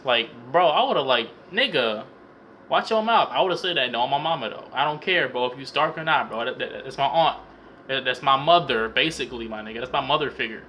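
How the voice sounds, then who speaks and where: Bright-voiced young man rambling through a film recap. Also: medium pitch, fairly quick, a little hiss or hum. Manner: rambling, stammers and repeats words, heavy slang and swearing. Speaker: vlogger reviewing a film. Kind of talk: casual profane comedic movie recap.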